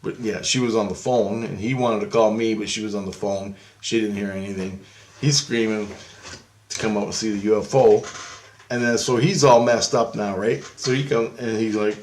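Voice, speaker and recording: A man's voice: fairly low pitch, steady tone, moderate pace, a little hiss or hum. A man telling a rambling, profane anecdote in a casual, repetitive way. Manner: rambling, profane, repeats himself. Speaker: storyteller. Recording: roomy echo.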